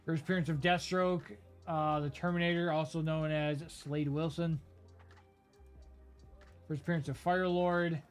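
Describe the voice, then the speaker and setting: A man's voice: on the high side, level tone, normal speed, long pauses, faint music behind. A man hosting a live card-break stream, rambling through a list of items with lots of fillers. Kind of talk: casual live-stream commentary.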